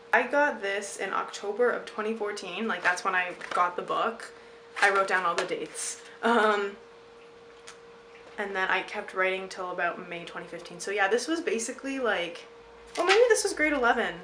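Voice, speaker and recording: A young woman talks casually to camera in a bright, crisp voice. She is chatty and quick to poke fun at herself. Her pitch sits in a middle range for a woman. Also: a little hiss or hum, rough recording. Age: young adult. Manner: chatty and self-mocking, laughing at herself. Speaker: vlogger.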